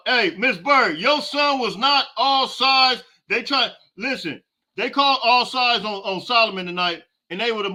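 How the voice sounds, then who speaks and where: A man's voice: high-pitched, pushed and bright. A man hosting a podcast, giving a live halftime reaction and answering viewer comments in an exasperated, fired-up rant full of casual slang. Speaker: podcast host.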